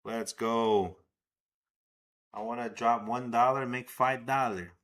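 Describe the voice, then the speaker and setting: A man hosting a live baseball watch-along stream, excitable and swearing as he talks to his chat. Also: mid-range voice, slow pace, a little hiss or hum. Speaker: livestream host.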